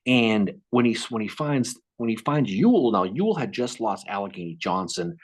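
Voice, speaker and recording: A man co-hosting a casual history podcast, telling the story with lively restarts and repeated words. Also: lowish voice, moderate pace. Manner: animated, repeats words while thinking, acts out quotes. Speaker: podcast co-host.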